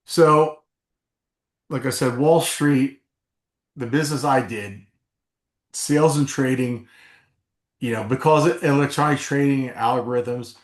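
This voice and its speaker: A man's voice: mid-range voice, a little slow, pauses often, echoey room. A middle-aged man from New Jersey, a former football player, telling emphatic stories as a podcast guest. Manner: animated storyteller, emphatic, swears casually. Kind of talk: storytelling interview.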